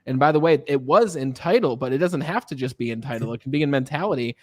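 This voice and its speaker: A man hosting a casual interview as a sales coach, telling stories in an animated way and often checking in with "right?". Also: mid-range voice, fast talker, no echo, clean studio sound. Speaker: podcast host and sales coach.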